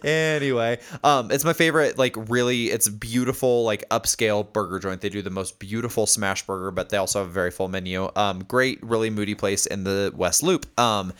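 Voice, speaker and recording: A man with a fairly low voice co-hosts a podcast in loose, casual chat. He tells stories with animated energy and breaks into excited exclamations. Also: brisk, hardly any pauses, smooth. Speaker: podcast co-host.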